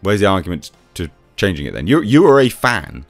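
A deep-voiced man rants sarcastically as a reviewer. His delivery is lively and swings up and down, and the sound is dry with faint music underneath. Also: fairly quick, no room sound. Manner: sarcastic, exasperated, mocking. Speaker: YouTube reviewer. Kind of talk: ranting commentary.

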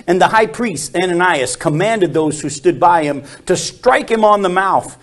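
A man with a notably high voice leads a Bible study. He tells the stories in an animated way and drops his voice to act out quoted lines. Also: normal speed. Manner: animated storytelling, acts out quotes with dropped voice.

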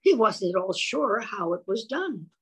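Husky woman reading a picture book aloud. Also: medium pitch, poor audio. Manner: expressive, pauses to ask little listeners questions. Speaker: storyteller for children.

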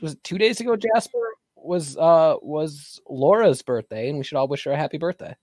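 A man's voice: on the high side, expressive, brisk, darkish tone, dry recording, studio quality. A man playing in a tabletop campaign, chatting on a podcast in an earnest, rambling way. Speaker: player, podcast co-host. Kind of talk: casual podcast chat.

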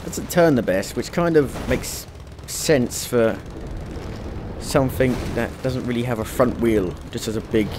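A man's voice: mid-range voice, unhurried, background noise. Chatty British man playing a game. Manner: chatty, talks to game characters, yelps when things go wrong. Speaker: let's play gamer. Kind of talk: gameplay commentary.

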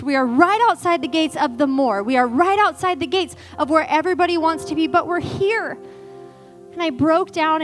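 A woman in her thirties preaching in a church, telling a personal story in a chatty, animated way full of quoted dialogue and fillers. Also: sits high. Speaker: guest speaker. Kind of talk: conversational sermon storytelling. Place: church sanctuary.

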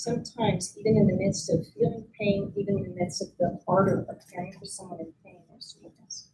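A woman teaching a mindfulness practice at a conference, guiding listeners calmly and gently with frequent pauses. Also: mid-range voice, rough recording. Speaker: mindfulness instructor. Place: conference room.

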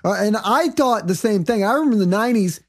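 A woman hosting a casual comedy podcast, telling rambling stories in a loud, profane way. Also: mid-range voice, expressive, fast talker, husky. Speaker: podcast host.

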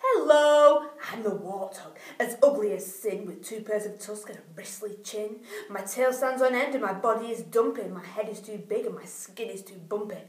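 A woman's voice: mid-range voice, normal speed, few pauses, reverberant, far from the mic, natural voice. Woman reading as a bragging warthog. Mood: boastful. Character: bristly warthog, snorting and proud.

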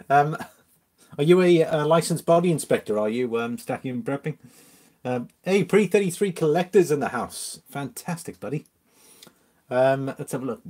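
A man's voice: mid-range voice, darkish tone. A man hosts a casual live stream from home and reads viewer comments aloud. He is chatty and easygoing, greets regulars by name and chuckles often between messages. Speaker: livestream host.

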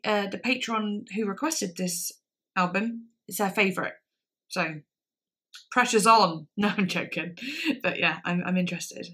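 A woman's voice: medium pitch, sharp tone. A young woman giving casual reaction commentary on songs, effusive and emotional, with lots of filler words. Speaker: music reaction vlogger.

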